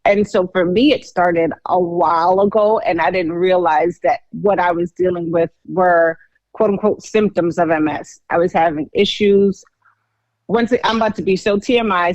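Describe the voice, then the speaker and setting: A woman's voice: fairly low pitch, dry recording. Frank woman podcast co-host, dry dull sound. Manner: candid, frank, chatty. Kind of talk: casual podcast storytelling.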